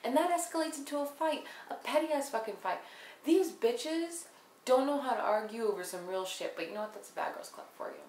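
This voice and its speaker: A woman's voice: fairly high pitch, expressive, fairly quick, a little mellow. A young woman giving a casual, blunt and sarcastic recap of a reality show episode, swearing freely. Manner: profane, blunt, sarcastic, mimics people she quotes. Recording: roomy with faint background noise.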